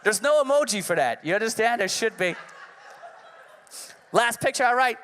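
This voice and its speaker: His voice is very high, expressive, and fairly bright, moving at a moderate pace with frequent pauses. He's a stand-up comic in his thirties doing a brash, profane, punchy club set, recorded with live hall reverb.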